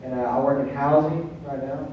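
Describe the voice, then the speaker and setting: A young man from Tennessee, who works in housing, introduces himself at a staff meeting in a relaxed way with fillers. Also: mid-range voice, brisk, highs cut off. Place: meeting room. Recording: echoey room from far off, with crowd and noise.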